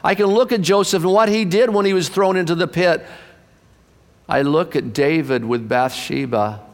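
A man in his sixties preaching a sermon to his church, impassioned, swinging from loud bursts to hushed low asides. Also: moderate pace. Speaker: pastor. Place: church sanctuary. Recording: long reverb of a church hall.

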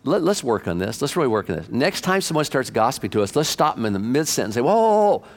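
A man's voice: mid-range voice, very animated, fast talker. A man preaching a conversational sermon in church, asking the congregation questions and joking about himself. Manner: self-deprecating and candid. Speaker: pastor. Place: church sanctuary.

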